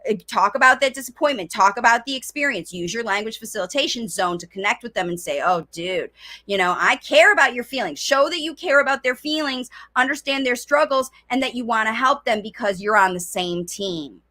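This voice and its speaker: Middle-aged woman chatting to parents on a live stream, bright voice, pitched a bit high. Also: lively intonation, brisk. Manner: chatty, voices the child in quotes. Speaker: speech coach.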